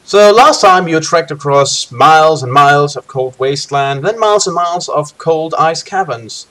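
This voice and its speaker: A man's voice: a little high, expressive, moderate pace, pushed and bright. A man running a co-op gamebook session, joking with his players and reading the story passages aloud. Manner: jokey, trails off into hedges. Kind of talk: casual co-op play with read-aloud narration.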